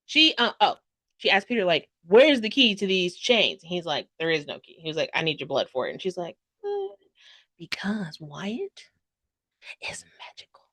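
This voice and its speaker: A woman giving a casual book review, gushing and chatty, full of fillers, acting out characters' lines with sudden loud outbursts. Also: on the low side, sing-song, brisk, no echo. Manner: dramatic quoted voices and sudden loud outbursts.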